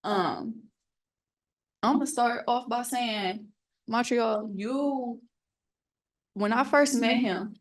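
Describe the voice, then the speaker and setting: A woman's voice: a little high, drawn-out words, pauses often. Earnest young woman telling her story. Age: young adult. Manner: candid, earnest storytelling that acts out remembered dialogue. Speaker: young adult panelist. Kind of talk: personal story at a panel.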